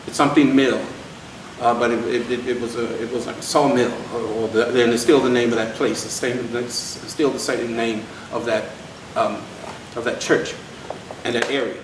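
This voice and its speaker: At an event at a historic site, a man with a medium-pitched voice tells history and a folk tale live, folksy and addressing the crowd as y'all. He sounds far off in an echoey room, with slight background noise.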